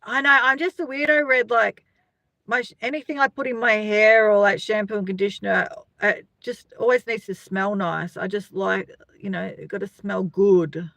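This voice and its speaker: A woman's voice: mid-range voice, steady tone, normal speed, vocal fry, a bit bright, no echo. A middle-aged Australian woman chatting casually on a live stream, rambling and greeting viewers by name as she reads their comments. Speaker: livestream host.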